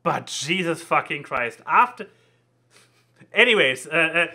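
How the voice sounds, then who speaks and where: A man's voice: on the high side, expressive, a little slow, sharp tone. A young man hosting a casual podcast, rambling and stammering with crude language. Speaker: podcast host.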